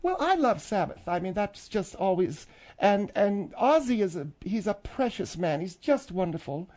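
A man's voice: sits high, very animated, moderate pace, darkish tone, pitched above the performer's own voice. Man putting on a feisty older lady singer. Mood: indignant. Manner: indignant, defensive, gushing. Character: feisty older woman, a former backup singer. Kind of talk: radio comedy sketch.

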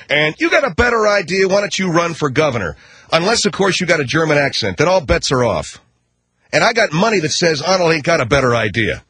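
A man's voice: fairly high pitch, sing-song, pushed and bright, husky, dry recording. A man hosting a talk show, delivering a combative, sarcastic rant. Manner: combative, sarcastic, rapid ranting. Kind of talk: ranting talk-radio commentary.

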